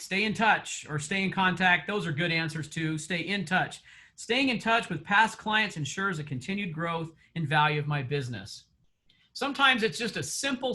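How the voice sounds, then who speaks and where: A man's voice: high voice, bright, forceful tone. A man coaching real estate agents in an online session, chatty, laughing often and quizzing the audience.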